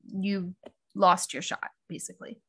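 A woman's voice: on the low side, steady tone, a little slow, a bit bright, slightly rough. A young woman co-hosting a podcast, telling a true crime case in casual chat full of "like" and "um". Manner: chatty, heavy use of "like" and "um".

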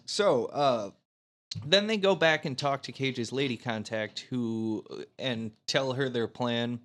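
A man's voice: mid-range voice, slow. A man casually recapping a movie plot on a podcast, laughing often and leaning on filler words. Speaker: podcast host.

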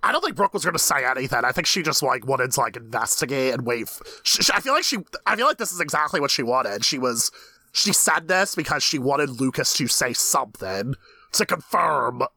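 A man co-hosting a TV recap podcast in casual chat, animated and laughing often as he retells scenes. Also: medium pitch, a little fast, dry recording. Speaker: podcast co-host.

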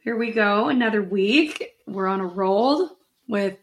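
Casual woman co-host, chatty storyteller, mid-pitched. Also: lively intonation, unhurried. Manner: chatty, loose, with frequent fillers and laughs. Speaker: podcast co-host. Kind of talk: casual chat, storytelling a news case.

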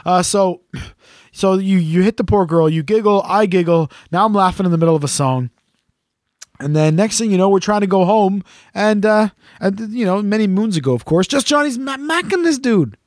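A man's voice: high-pitched, normal speed, darkish tone, no echo, studio quality. A man hosting a casual chat, telling a teasing, swear-filled story about a gig he sang at. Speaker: podcast host and gigging singer.

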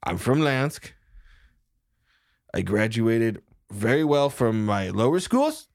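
A man's voice: mid-range voice, big pitch swings, slow, vocal fry, darkish tone, no echo, studio quality, heavily acted. A man voicing a jittery young male medic who has a head cold, talking in a stuffy, nasal, rambling and defensive way. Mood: nervous.

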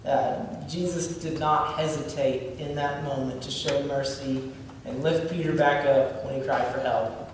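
Here a man leads an informal Bible teaching, talking conversationally with lots of fillers and restarts. His mid-range voice holds a steady tone at a measured pace, heard from a distant mic in an echoey hall with faint room noise.

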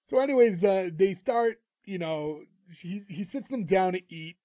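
A man's voice: sits high, expressive, a little slow, mellow. A man co-hosting a podcast, recapping an episode in chatty casual talk full of fillers. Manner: chatty, full of "like" and "you know". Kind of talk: casual chat.

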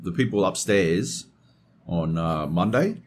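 Deep-voiced man, casual podcast chat. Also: slow, slight background noise. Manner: swears a lot, animated storytelling. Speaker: podcast co-host.

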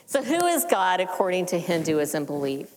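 A woman gives a church teaching in a measured, explanatory way. Her phrases often sink soft and low at the end. Her voice carries a long reverb, as in a large hall. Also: sing-song. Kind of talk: sermon teaching.

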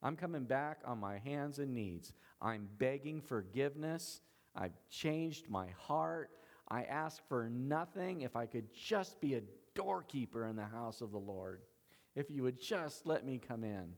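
A man's voice: mid-range voice, lively intonation, a little slow, long reverb tail. A man preaching a sermon as pastor, in an earnest, emphatic way with repeated phrases.

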